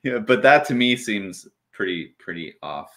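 Lower-voiced man, casual guest. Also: very animated, measured pace, a bit bright. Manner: casual, peppered with "like". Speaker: guest professor. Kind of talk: casual interview conversation.

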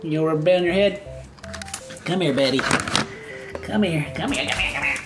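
A man's voice: fairly high pitch, normal speed, loud music behind the voice. A young man vlogging at home, chatting in playful baby talk to his dogs. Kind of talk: casual home vlog. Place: home indoors.

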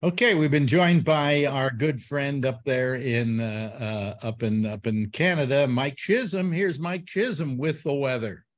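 A man's voice: mid-range voice, a little slow, hardly any pauses. A man hosting a casual call-in show, talking in a rambling way with many fillers and restarts. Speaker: host.

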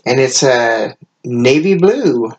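A woman's voice: very deep voice, animated, slow pace, darkish tone, muffled recording, slight background noise. A woman unboxing a craft mail package and chatting casually, gushing with frequent exclamations and laughs, sounding tired. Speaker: craft channel host.

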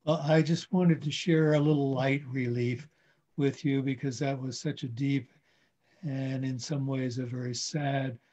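An older man reading a story aloud in a measured, gentle way, then turning to talk with a guest. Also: mid-range voice, fairly even intonation, muffled recording.

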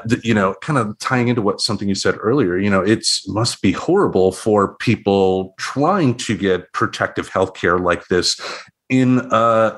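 A middle-aged man talks through a podcast discussion, often restarting his sentences and filling the gaps with "you know." His voice sits somewhat low. He sounds relaxed and conversational. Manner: halting, restarts, many fillers. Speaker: podcast co-host.

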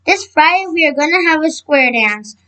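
A woman's voice: high voice, expressive, normal speed, bright, forceful tone. A woman voicing a cheerful, encouraging schoolteacher in a storybook read-aloud, with the odd slip and restart. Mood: upbeat. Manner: reads with slips and restarts.

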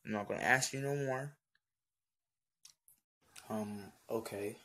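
A man's voice: on the low side, takes it slowly, pauses often, sharp tone. A man hosting his own channel, chatting casually to the camera in a slangy, rambling way with lots of fillers. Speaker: YouTube channel host. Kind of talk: casual vlog chat to the camera.

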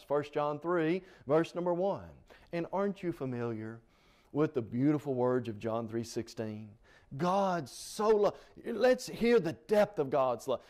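A man preaching a Bible study sermon in a church, quoting scripture emphatically and rising in pitch on the key words. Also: darkish tone. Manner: rises in pitch and force on scripture quotes, emphatic.

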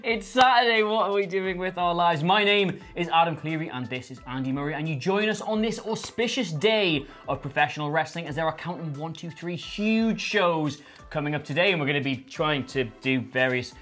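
A man with a slightly high voice hosts wrestling news in a chatty, joking way, often laughing. Faint music plays underneath. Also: a little fast, a bit bright. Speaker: news show co-host. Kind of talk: casual chat.

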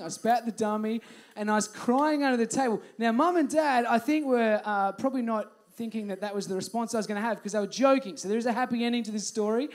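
A man's voice: high-pitched, a little mellow. Chatty young Australian man preaching. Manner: chatty, storytelling, playful. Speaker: youth pastor. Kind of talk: youth group talk. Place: youth group hall.

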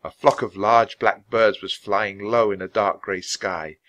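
A man reading a children's chapter book aloud at a natural pace for language learners. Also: unhurried. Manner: reads at a natural, even speed for language learners; jumps higher and louder for the characters' lines. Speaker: storybook reader.

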